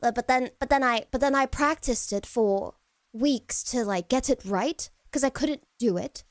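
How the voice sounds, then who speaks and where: A woman casually chatting to viewers on a live stream, wandering and hesitant with lots of fillers and restarts, often trailing into soft, low murmurs. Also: moderate pace, no echo, studio quality.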